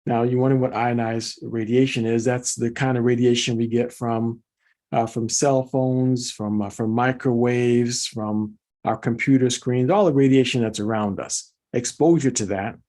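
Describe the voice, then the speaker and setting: A man's voice: mid-range voice, steady tone, moderate pace, warm tone. Enthusiastic man presenting slides. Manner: enthusiastic, addresses viewers as folks, repeats words for emphasis. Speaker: host presenting product commentary. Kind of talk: informal online presentation with slides.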